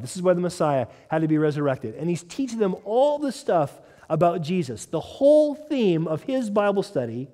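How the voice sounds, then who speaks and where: A man preaching a sermon as pastor, animated, acting out quoted lines and laughing as he goes. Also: on the high side. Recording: long reverb of a large hall.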